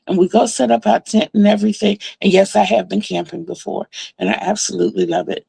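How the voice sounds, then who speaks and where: A woman's voice: mid-range voice, steady tone, brisk, creaky, warm tone, no echo. A woman vlogger telling a story in a casual, chatty way, with lots of fillers and laughs between her sentences. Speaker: crafting vlogger. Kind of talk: casual storytelling about a dream.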